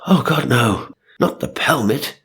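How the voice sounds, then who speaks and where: A man voicing a flustered middle-aged mother who splutters in a raised, husky voice. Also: medium pitch, animated, slow, fairly bright tone, voice pushed up, exaggerated voice. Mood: aghast. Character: flustered middle-aged mum fretting over decor.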